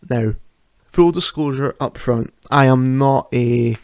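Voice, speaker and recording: A man's voice: medium pitch, slow pace, gravelly, a little mellow, no room sound. A man hosting a solo podcast from home, chatting casually, often laughing and restarting his sentences. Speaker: podcast host. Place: home at night.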